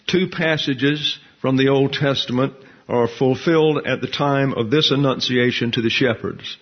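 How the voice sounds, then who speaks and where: A man teaching a detailed Bible lesson in a measured, deliberate way, slowing down when he reads scripture aloud. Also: medium pitch. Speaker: pastor. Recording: dull lo-fi recording.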